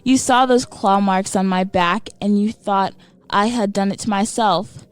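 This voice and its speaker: A woman voicing a dead wife who has come back as an eerie possessed ghost, speaking softly in a lifeless, honey-sweet way. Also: mid-range voice, unhurried, clean tone, dry recording, faint music behind, natural voice. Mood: eerie accusing.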